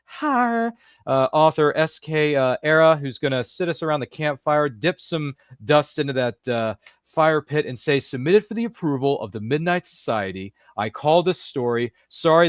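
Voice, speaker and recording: A man's voice: fairly high pitch, smooth, no room sound, studio quality. A man hosting a podcast interview, chatty and jokey, with many fillers and asides. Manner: chatty, jokey, self-deprecating, filler-heavy. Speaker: podcast host. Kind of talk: casual interview chat.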